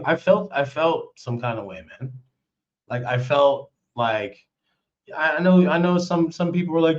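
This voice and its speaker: A man's voice: fairly high pitch, a little slow, highs cut off. A man telling a story on a live stream in casual, rambling talk, cursing and restarting his sentences often. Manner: rambling, profane, with many restarts.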